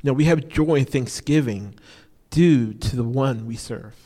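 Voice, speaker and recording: Here the preacher is unhurried, his mid-range voice carrying a warm tone through a conversational sermon. Key phrases come back again and again for emphasis, "you know" crops up often, and the sound rings with the long reverb of a big hall.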